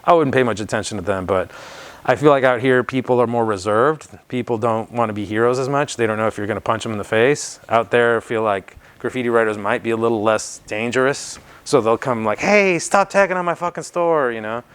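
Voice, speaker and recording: Man, lowish pitch, easygoing slangy storytelling, swears casually. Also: a little fast, clear, resonant tone. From United States. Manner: laid-back, slangy, swears freely. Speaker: interview guest, graffiti writer.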